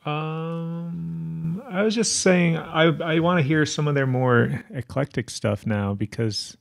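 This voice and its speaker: Gravelly, curious male podcast co-host. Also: a little high, slow, dry recording, clean studio sound. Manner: curious, asks lots of questions. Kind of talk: casual chat.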